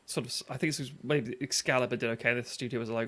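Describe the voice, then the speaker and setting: A man's voice: mid-range voice, fairly even intonation, fast, a bit bright, a little hiss or hum. A man co-hosting a casual live-streamed film discussion, rambling and swearing with easy laughs. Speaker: podcast co-host.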